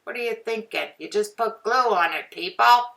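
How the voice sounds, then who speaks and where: A woman voicing a loud, brash, grating tutorial narrator who bosses the viewer around in a shouty drawl. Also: fairly high pitch, normal speed, vocal fry, recorded from a distance, pitched above the performer's own voice. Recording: voice from away from the mic.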